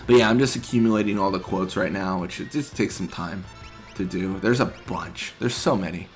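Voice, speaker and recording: A man streaming a video game, chatting casually in a relaxed, rambling way with lots of filler words. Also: deep voice, fairly quick, soft background music. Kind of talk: casual live-stream chat.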